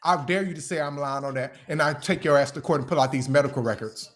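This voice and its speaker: A man's voice: on the high side, fast. A young man ranting angrily on a live stream, heated, profane and confrontational as he answers his critics. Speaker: livestreamer addressing critics. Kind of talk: angry live-stream rant.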